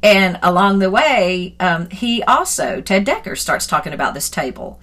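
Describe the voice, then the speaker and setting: Speaking earnestly into a phone, a middle-aged Christian author shares a personal devotional. Her mid-range voice is bright and clear at normal speed, shifting from quiet, earnest reflection to animated, laughing storytelling.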